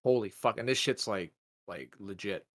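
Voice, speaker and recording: A man's voice: on the low side, moderate pace, a bit bright. A man, co-hosting a podcast and telling a story in casual chat, swearing a lot and acting out quotes. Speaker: podcast co-host.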